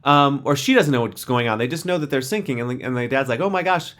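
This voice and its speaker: Young guy on a podcast, retelling a tv episode, jumps into character voices, pretty lively. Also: mid-range voice, fast talker. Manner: animated, acts out characters' lines while retelling. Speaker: podcast co-host. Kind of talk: casual chat recapping a TV episode.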